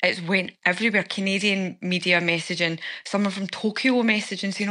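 A woman's voice: on the low side, a little fast, few pauses. A Scottish woman chattily recounting what happened to her in an interview. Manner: chatty, animated storytelling. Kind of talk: casual recounting.

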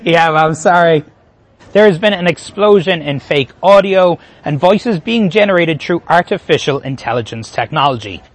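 An Irish man reporting as a TV news correspondent, narrating his story in a lively, expressive way. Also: fairly high pitch, normal speed.

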